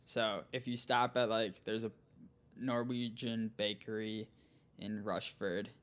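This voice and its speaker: A young man from Minnesota, a guest on a podcast, talking casually and relaxed, laughing easily. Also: on the low side, slow, smooth. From central Minnesota, US. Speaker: guest, pro cyclist. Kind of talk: casual interview chat.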